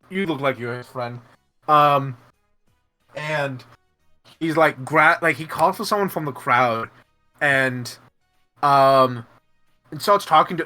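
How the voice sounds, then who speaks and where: A man running a tabletop game, rambling and laughing as he narrates and slips into quick side characters. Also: medium pitch, bright, forceful tone. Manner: rambling, laughing, lots of fillers and restarts. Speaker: game master. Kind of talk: narrating a tabletop game, voicing NPCs in passing.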